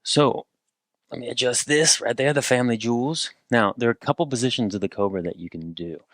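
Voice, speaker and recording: A man leading a guided movement and rehab exercise session, cueing each step calmly with playful asides. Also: mid-range voice, fairly quick, dry recording, clean studio sound.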